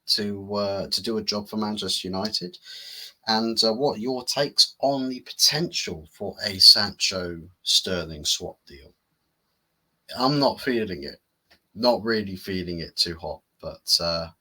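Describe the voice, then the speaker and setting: A man's voice: on the low side, bright, forceful tone, poor audio. A man hosting a football channel, giving casual, rambling commentary and firing rhetorical questions at viewers.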